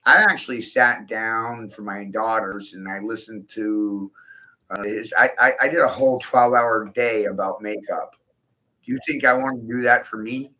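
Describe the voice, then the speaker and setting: A man's voice: lowish voice, steady tone, moderate pace, bright, forceful tone, dull audio. A man delivering a rambling, profane monologue, breaking into laughter often and talking with intensity. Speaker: video host.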